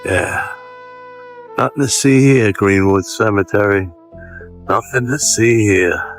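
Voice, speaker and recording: A man hosting, giving casual reaction commentary with wry, drawn-out quips. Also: on the low side, soft background music. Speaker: host.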